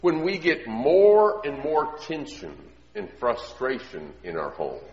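A man preaching a sermon in an earnest way, often dropping to quiet emphasis. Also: medium pitch, huge pitch swings, takes it slowly. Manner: earnest, drops to quiet emphasis, acts out quoted voices. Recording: echoey hall, dull lo-fi sound.

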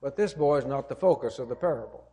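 A man's voice: medium pitch, animated, quick pace, dark tone. A man preaching a sermon, retelling a parable in an earnest, emphatic storytelling manner.

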